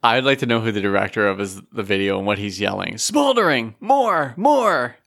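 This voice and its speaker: A man from Canada co-hosting a podcast, easygoing and quick to laugh in casual chat. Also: on the low side, steady tone, gravelly, bright, forceful tone. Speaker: podcast co-host.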